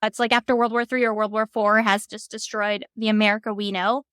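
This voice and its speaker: A woman's voice: medium pitch, little pitch movement, a little fast, fairly bright tone, clear, resonant tone, dry recording, studio quality. A woman co-hosting a book podcast, telling stories with enthusiasm in casual chat. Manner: storytelling, enthusiastic. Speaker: podcast co-host.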